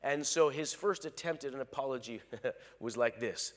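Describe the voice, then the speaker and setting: A male pastor preaching a sermon, animated, acting out quoted lines. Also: mid-range voice, moderate pace, in a large hall. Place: large church hall.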